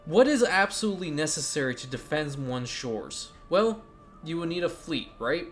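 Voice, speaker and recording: A man's voice: sits high, moderate pace, fairly bright tone, faint music behind, voice pushed up. A man hamming up a pompous colonial lord. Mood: grandiose. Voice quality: theatrical put-on accent, grand proclamations. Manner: declaiming with chuckles. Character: pompous grandiose male colonial ruler addressing his town.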